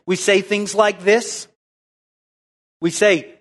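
A man with a high voice preaches a sermon in a church. He talks with energy and keeps asking the congregation questions. His delivery swings between playful asides and earnest points. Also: takes it slowly, pauses often. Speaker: pastor.

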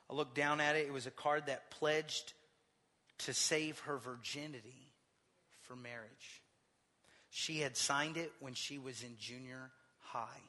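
Fervent preacher, bright voice in hall. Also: male voice, mid-range voice. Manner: personal storytelling that builds to fervent preaching. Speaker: pastor. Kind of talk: sermon.

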